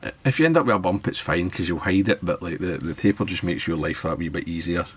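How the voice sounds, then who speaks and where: Working at his fly-tying desk, a Scottish-accented man narrates a tutorial casually, voicing his thoughts as he goes. His low voice is fast and slightly rough.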